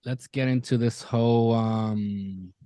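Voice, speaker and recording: A man's voice: mid-range voice, slow, smooth, no room sound. A man co-hosting a podcast in casual chat, animatedly retelling a TV show and swearing freely. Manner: animated storyteller, swears freely, retells scenes with quoted voices. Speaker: podcast co-host.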